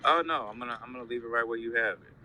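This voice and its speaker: Hyped-up guy with a super bright sharp voice, calling in from a loud restaurant. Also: medium pitch, rapid-fire. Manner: upbeat, hype-filled encouragement. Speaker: listener joining the chat. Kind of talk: casual chat. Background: noisy restaurant.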